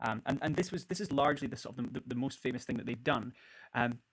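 A man's voice: mid-range voice, quick pace, husky. A young man co-hosting a podcast, chatting casually and often trailing off while he searches for words. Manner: rambling, searching for words, many fillers. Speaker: podcast co-host. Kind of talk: casual chat about a musical.

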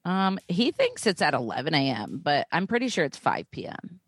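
A young woman chats on a podcast in a low, grounded voice. She is loose and self-deprecating and swears offhand. The sound is close and dry. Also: very animated, moderate pace, slightly rough, no room sound. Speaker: podcast co-host. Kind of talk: casual chat.

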